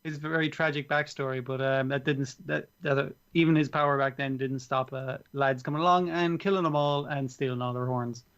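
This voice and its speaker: A man's voice: medium pitch, fairly even intonation, a little fast, hardly any pauses, a bit bright, clean tone, highs cut off. A man co-hosting a casual podcast, laid-back, laughing easily while recapping episodes. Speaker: podcast co-host.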